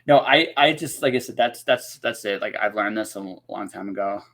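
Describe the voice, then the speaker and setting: A man hosts a relaxed interview chat with a bright, forceful tone. He rambles through his points in loose runs. He often circles back on himself and ends with "right?". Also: on the low side, fairly quick. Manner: rambling, many restarts and "right?" tags. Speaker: podcast host.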